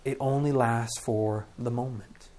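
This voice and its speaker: A middle-aged man preaching a sermon as pastor, earnest and conversational, acting out deep breaths. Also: steady tone, measured pace, warm tone.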